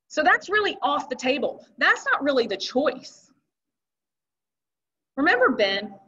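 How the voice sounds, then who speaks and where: A woman with a high voice giving a motivational keynote, chatty and emphatic, full of rhetorical questions. Her talk comes through on a dull, lo-fi recording. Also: sing-song, measured pace, long pauses, sharp tone, distant mic. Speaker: keynote speaker. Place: event hall with audience.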